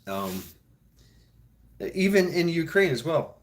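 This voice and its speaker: On the high side and very animated, this man's voice moves at a slow pace. He's a show host whose casual chat is loose, rambling and profane; he cracks himself up and does mock voices of other people.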